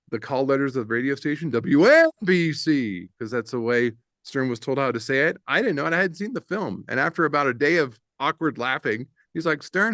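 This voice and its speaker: A man's voice: medium pitch, no room sound. Middle-aged man telling studio anecdotes. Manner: animated anecdote-teller, laughs often, slips into voices for others. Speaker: guest, producer and audio engineer. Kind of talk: casual interview storytelling.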